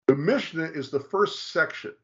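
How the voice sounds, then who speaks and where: A man's voice: a little high, normal speed. Lecturing man, dull lo-fi sound. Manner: lecturing, with frequent restarts and "okay" checks. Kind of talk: casual explanatory talk.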